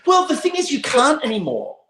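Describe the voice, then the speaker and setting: A man's voice: very high voice, huge pitch swings, fairly quick, vocal fry, a crowd in the background. A man co-hosting a casual chat show, emphatic and swearing freely. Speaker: co-host. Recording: roomy echo.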